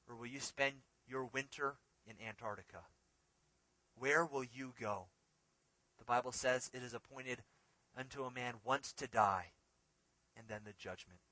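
A man preaching a sermon in a dramatic way, swinging between emphatic, loud lines and hushed ones. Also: medium pitch, measured pace, long pauses, no echo.

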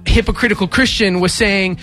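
A young man with a high, bright voice tells a story on a radio talk show. He is animated and jumps into little acted-out voices for the people in it. Faint music plays underneath. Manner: animated, acts out voices in quotes, quick bursts. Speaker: radio station host. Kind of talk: casual storytelling chat.

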